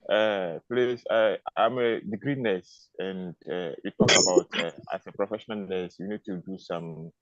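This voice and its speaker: A man with a low voice calls in to a webinar as a nurse and asks his question haltingly. His audio sounds dry and dull, like lo-fi call sound. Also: dry recording. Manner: hesitant, halting. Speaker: caller, nurse. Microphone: video call.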